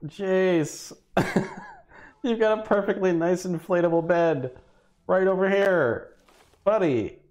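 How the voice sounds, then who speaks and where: A man's voice: sits high, expressive, measured pace, pauses often, a little mellow. A man streaming a game and chatting casually, laughing often and exclaiming at what happens on screen. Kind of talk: casual gameplay commentary.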